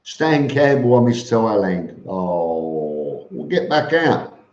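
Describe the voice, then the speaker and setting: On a casual live stream, a vlogger reads out viewer comments and replies bluntly and matter-of-factly, with plenty of fillers and restarts. He speaks slowly in a lowish, very animated voice with a darkish tone, and the audio is roomy, a bit dull, and lo-fi.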